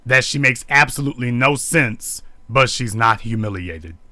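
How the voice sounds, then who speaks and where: A man delivers an indignant, preachy live-stream commentary, circling back to the same rhetorical questions again and again. His voice is bright and forceful at a middling pitch. It is recorded close and dry, with almost no room sound. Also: animated, normal speed, no room sound. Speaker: online commentator.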